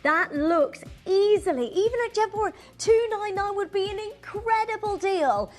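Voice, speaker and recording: A woman's voice: very high voice, lively intonation, moderate pace, faint music behind. A woman co-hosting a live shopping channel sale, gushing over the jewellery and counting down the remaining stock. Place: TV studio.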